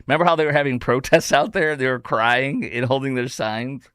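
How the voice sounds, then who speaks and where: A man's voice: medium pitch, steady tone, brisk, fairly bright tone, clean tone, dry recording, clean studio sound. A man hosting a political commentary show, talking in a sarcastic, mocking way. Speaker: host.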